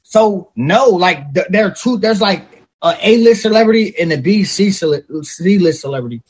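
High husky guy on a podcast, loose and cussing, acting out quotes as he goes. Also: normal speed. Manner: animated, profane, acts out quotes. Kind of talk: casual chat.

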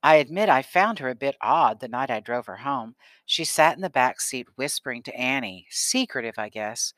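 A man voicing a stern, fair-minded father in an audiobook, talking in a firm, measured way. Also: medium pitch, lively intonation, fairly bright tone, dry recording, lightly acted.

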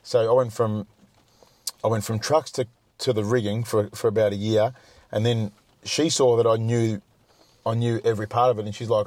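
A man tells a long, rambling story as a guest on a talk show. His voice sits fairly low. He swears freely and restarts his sentences often, all recorded close and dry. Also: flat delivery, normal speed, darkish tone, no room sound. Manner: rambling, profane, frequent restarts. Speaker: podcast guest. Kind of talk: casual storytelling.

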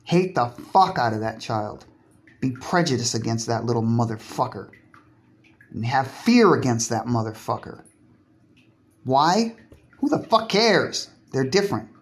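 A man's voice: mid-range voice, big pitch swings, a little slow, pauses often. A man delivering a profane, sarcastic solo podcast monologue while lying in a bathtub. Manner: profane, sarcastic, provocative, breaks off and restarts words.

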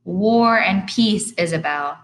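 A woman's voice: mid-range voice, animated, moderate pace, fairly bright tone, pitched above the performer's own voice, close to an everyday voice. A woman voicing an impatient, firm middle-aged father who teases his wife, in an audiobook reading. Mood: teasing. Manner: exasperated, firm.

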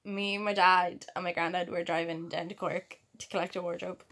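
A woman's voice: on the low side, moderate pace. A young woman, co-hosting a casual chat and telling stories with frequent laughter. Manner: laughs often, animated storytelling. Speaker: podcast co-host.

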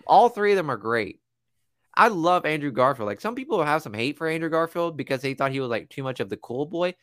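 A young man rambling through a casual movie podcast chat, full of fillers and restarts. His pitch swings widely, and the close recording sounds dry. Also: brisk, no room sound. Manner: rambling, lots of fillers, animated. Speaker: podcast co-host.

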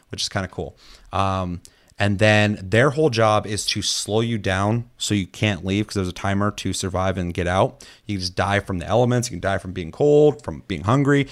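Man, lowish voice, casual chat, swearing, animated game stories. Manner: animated storytelling, swears a lot, acts out quotes.

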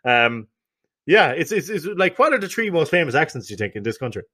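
A man's voice: on the high side, very animated, brisk, bright, forceful tone, breathy edge. A young Irish man chatting casually as a podcast co-host, rambling, laughing often, swearing and making silly vocal noises. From Ireland. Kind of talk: casual banter.

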